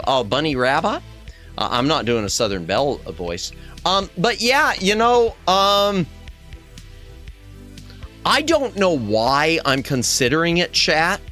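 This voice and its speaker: A man streaming as a VTuber, chatting casually with his viewers in a rambling, self-correcting way, his throat strained. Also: a bit bright. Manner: rambling, self-correcting, jumps to high squeaky exclamations. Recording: faint music behind the voice.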